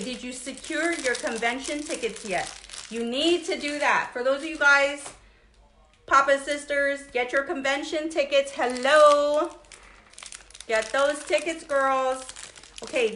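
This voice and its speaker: Upbeat livestream seller, woman, high bright voice, echoey room, greets viewers by name. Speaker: jewelry seller hosting a livestream. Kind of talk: casual live sales chat.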